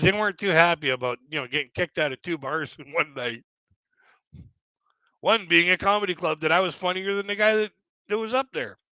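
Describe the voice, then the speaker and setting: A man's voice: high voice, sharp tone, no room sound, poor audio. A man hosting a livestream, telling stories in a rambling, casual way with many restarts and chuckles. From Canada. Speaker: livestream host. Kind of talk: casual storytelling chat.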